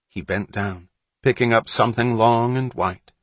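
A man reading a storybook aloud as an audiobook narrator, in steady, measured scripted narration. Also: mid-range voice, no room sound.

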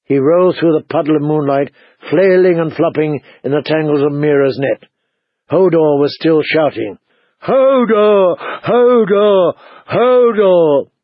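A man narrating a fantasy audiobook in a measured, dramatic storytelling manner. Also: a little high, no room sound. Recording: dull lo-fi recording.

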